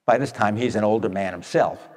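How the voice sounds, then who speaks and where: A man telling stories to an audience in a blunt, animated way, tossing in rhetorical questions. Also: fairly low pitch, fairly quick. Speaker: speaker addressing an audience. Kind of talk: storytelling talk to an audience. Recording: long echoey hall reverb.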